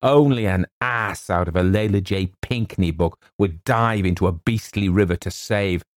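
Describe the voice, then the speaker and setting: A man's voice: deep voice, normal speed, lightly acted. A man voicing a put-upon young male writer, clipped and exasperated, given to blustering.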